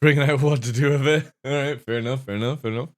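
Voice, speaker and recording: A man hosting his own live stream in a relaxed, rambling way, chatting to viewers and laughing at his own jokes. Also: mid-range voice, rapid-fire. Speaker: streamer and show host. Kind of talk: casual live stream chat.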